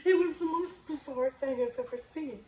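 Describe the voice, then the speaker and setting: A woman's voice: sits high, distant mic. A middle-aged woman co-hosts a casual stream and tells a story with plenty of laughter. She sits a little away from the mic, so the echoey room comes through. A faint hiss stays underneath. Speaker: co-host. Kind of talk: casual chat to a livestream audience.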